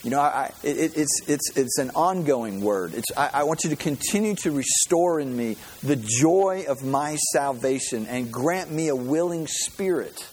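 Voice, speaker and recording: A man's voice: mid-range voice, animated, normal speed, few pauses, darkish tone, rough recording. Earnest male pastor, faint hiss. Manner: earnest, repeats words while building a point. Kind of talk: sermon.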